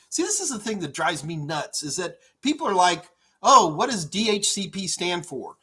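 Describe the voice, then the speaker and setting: Middle-aged male IT trainer, slightly high voice, energetic live-stream Q&A from home, chatty and rambling. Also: husky. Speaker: IT certification instructor. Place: home office.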